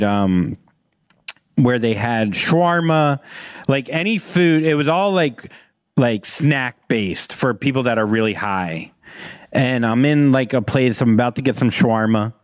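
A man's voice: mid-range voice, a little slow, clean tone, no room sound, clean studio sound. A man telling a long, rambling anecdote as a podcast guest, acting out the quotes. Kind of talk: casual storytelling.

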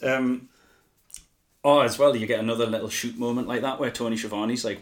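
A man's voice: mid-range voice, fairly even intonation, a little fast. A young man co-hosting a podcast, chatting casually with frequent laughter and swearing. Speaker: podcast co-host. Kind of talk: casual chat recapping wrestling.

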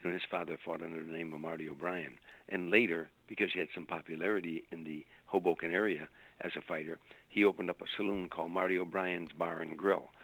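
An older man tells a long anecdote in an interview, his voice sitting very low with a gravelly edge. He repeats words while he searches for the next phrase. The sound is close and dry. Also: fairly even intonation, quick pace, a bit bright, dry recording, low-quality recording. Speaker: stand-up comedian guest. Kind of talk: storytelling interview.

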